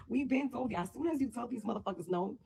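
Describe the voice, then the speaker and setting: A woman's voice: a little high, expressive, fairly quick, vocal fry, mellow, a little hiss or hum. A woman from the Dominican Republic delivering a blunt, profane social media rant.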